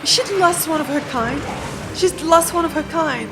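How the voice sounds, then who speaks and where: A woman's voice: high voice, fairly quick, music in the background. A young woman hosting a reaction video, exclaiming and swearing emotionally at what she watches, recorded on a podcast mic at home. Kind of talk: reaction commentary. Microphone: studio podcast mic.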